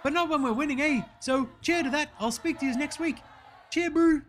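A man's voice: very high-pitched, brisk, fairly bright tone, a little hiss or hum, voice pushed up. A man voicing a laid-back young New Zealand basketball player with a drawling New Zealand accent who says bro and eh constantly. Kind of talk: comedy sketch.

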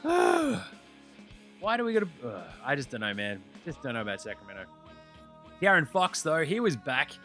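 A man's voice: medium pitch, bright, forceful tone. An Australian man hosting a casual basketball recap, blunt, joking and full of swearing. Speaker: basketball podcast host.

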